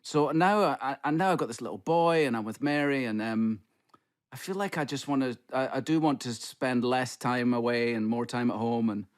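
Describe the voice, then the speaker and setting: A man's voice: mid-range voice, moderate pace. A man in his fifties with a Scottish accent, telling a story as a guest in a casual, self-deprecating way. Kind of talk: casual conversation.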